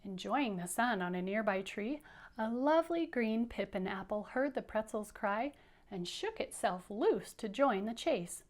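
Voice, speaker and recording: A woman teacher reads a picture book aloud to young children. She speaks in a slightly high voice that swoops up and down with great liveliness. Her manner is playful and coaxing, and she keeps inviting the kids to repeat lines after her. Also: expressive, unhurried. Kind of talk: interactive children's read-aloud.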